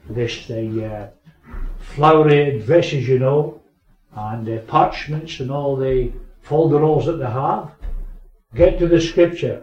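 A man preaching a sermon, swinging between raised emphasis and quiet asides. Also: a little high. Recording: echoey, distant, muffled recording.

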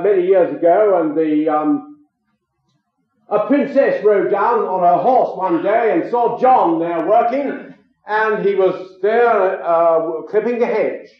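A man with a high voice preaches a sermon, moving from storytelling into emphatic, rising declarations. The recording is muffled and lo-fi, in a very echoey room. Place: a room with an audience.

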